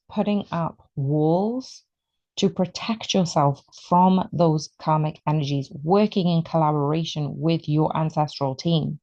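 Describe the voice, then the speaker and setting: A woman reads tarot cards in a slow, drawn-out way, growing excited and emotional as she goes. Her voice is low, dark and gravelly with a lot of fry. The recording sounds a little dull and lo-fi. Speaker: tarot reader. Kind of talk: tarot reading video.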